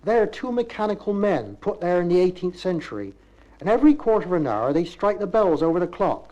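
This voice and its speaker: A man's voice: high-pitched, big pitch swings, brisk, warm tone, dull audio, a little hiss or hum. A man with a Bristol accent giving a chatty, wry, folksy humorous monologue. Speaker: narrator. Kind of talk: humorous spoken-word monologue.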